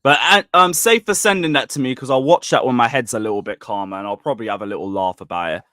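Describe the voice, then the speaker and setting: A man's voice: mid-range voice, fast, pushed and bright, no echo, clean studio sound. A man hosting a football live stream, ranting bluntly and angrily at his chat.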